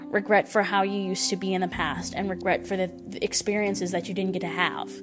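Woman, podcast host, gentle and encouraging, mid pitch, music bed behind. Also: little pitch movement, brisk. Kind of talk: solo spiritual podcast talk. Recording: voice over clear background music. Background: instrumental music.

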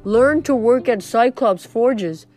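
A woman voicing a gentle young male cyclops who speaks slowly in short, halting phrases. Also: on the high side, animated, soft background music, voice pushed up. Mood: earnest. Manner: slow, halting, simple phrasing.

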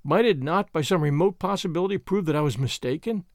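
Man, audiobook narrator, first-person story, expressive, high voice, dry sound. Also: quick pace, no echo.

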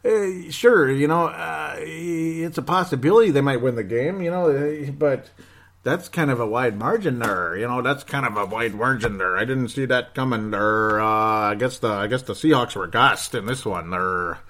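A man doing an impression of a male sports commentator who talks haltingly, full of fillers and repeated phrases. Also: mid-range voice, fairly bright tone, close to an everyday voice. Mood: musing.

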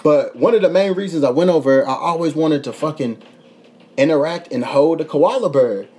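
A young man tells a travel story on his podcast, animated and swearing freely. His voice sits a little high and sounds husky. He laughs often in a loose, casual way. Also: moderate pace. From United States. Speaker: podcast host.

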